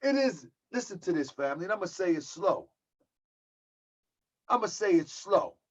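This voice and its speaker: A man's voice: high voice, big pitch swings. Emphatic man preaching, lo-fi sound. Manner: emphatic, slows and repeats for stress. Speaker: religious teacher. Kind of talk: preaching commentary. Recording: dull lo-fi audio.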